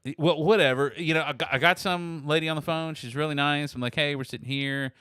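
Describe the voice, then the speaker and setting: Animated storytelling man, bright voice. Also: fast, clean tone, no room sound. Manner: animated, acts out quoted people with rising pitch. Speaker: podcast host. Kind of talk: casual storytelling chat.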